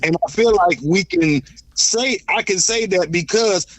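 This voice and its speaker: A man's voice: high voice, poor audio. A man calling in to a talk show, stammering and repeating words as he makes his point. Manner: halting, repeats words, often asks "you know what I'm saying". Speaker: caller. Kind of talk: casual call-in talk.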